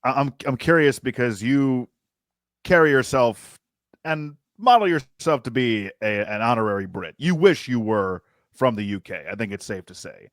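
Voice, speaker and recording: A man's voice: mid-range voice, moderate pace, no echo, studio quality. A man co-hosting sports radio, teasing his guest in casual chat. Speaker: radio co-host.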